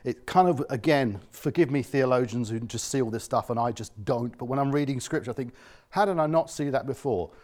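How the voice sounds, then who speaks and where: Delivering a sincere sermon at a brisk pace, a male pastor with a mid-range voice shifts between soft and loud. He often dramatizes the voices of those he quotes.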